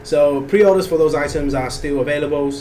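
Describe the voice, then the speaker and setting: A man co-hosting a live stream in a relaxed, easygoing way. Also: on the high side, fairly quick, soft background music. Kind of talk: casual chat on a live stream. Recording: distant mic with air-conditioning hum.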